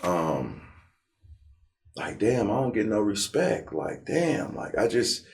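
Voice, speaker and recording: Deep-voiced Compton man telling stories. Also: takes it slowly, creaky. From Compton, California. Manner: animated storyteller, slangy, acts out his past self. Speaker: interview guest. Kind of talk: casual storytelling interview.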